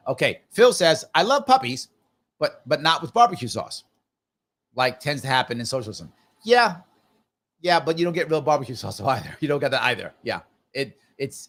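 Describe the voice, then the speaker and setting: A man's voice: mid-range voice, fairly bright tone. A man hosting a live stream, chatting casually and reading viewer comments aloud, upbeat and repetitive. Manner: chatty, upbeat, repeats himself. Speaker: host.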